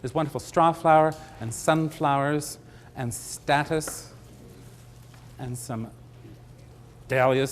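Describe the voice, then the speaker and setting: A man's voice: a little high, slow, pauses often, a little hiss or hum. A middle-aged man giving a live floral design demonstration, chatty and joking with his audience. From Canada.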